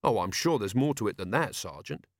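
A man voicing an earnest young captain who speaks in a quiet, measured way. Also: lowish voice, very animated, no room sound, clean studio sound.

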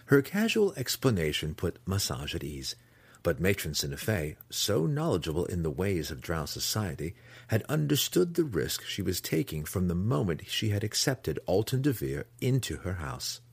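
A man narrating a fantasy audiobook in an expressive storytelling manner, voicing the characters. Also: deep voice, moderate pace, creaky, husky, dry recording.

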